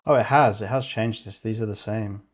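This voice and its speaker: A man's voice: on the low side, steady tone, brisk. A young man vlogging as he works, thinking aloud and muttering to himself, with casual swearing. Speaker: vlogger coding on stream.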